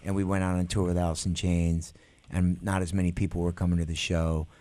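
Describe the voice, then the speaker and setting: A middle-aged man, a guest musician, animatedly telling stories in an interview and acting out quotes in a higher voice. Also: little pitch movement, brisk, dark tone, no echo. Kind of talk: interview storytelling. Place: radio studio.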